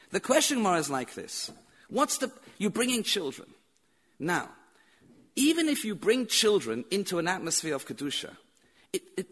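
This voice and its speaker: A man's voice: high voice, pushed and bright. A man teaching a Torah lecture as a rabbi, telling stories with repeated phrases and rhetorical questions.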